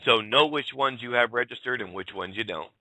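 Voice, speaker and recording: A man hosting a talk show, ranting bluntly and with fire. His voice is gravelly with a hard, bright edge. The sound is close and completely dry. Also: mid-range voice, brisk, dry recording, low-quality recording. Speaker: show host. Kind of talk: heated political talk.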